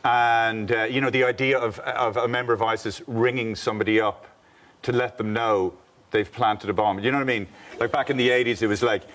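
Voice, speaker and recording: A man with an Irish accent, a comedian chatting as a guest, telling jokes in a rambling, halting way. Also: mid-range voice, steady tone, a bit bright. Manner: rambling, halting, with many fillers. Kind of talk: casual chat telling jokes.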